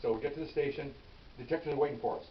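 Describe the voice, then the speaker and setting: Fast-talking older man telling a cop story. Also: medium pitch. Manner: conversational, acts out dialogue, frequent "okay?" asides. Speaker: retired police officer telling stories. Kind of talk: casual anecdote storytelling. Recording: roomy, distant, dull lo-fi sound with faint hiss.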